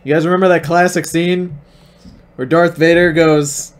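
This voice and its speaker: A man's voice: on the high side, level tone, normal speed. A man streaming a video reaction, casual and mock-outraged, swearing often.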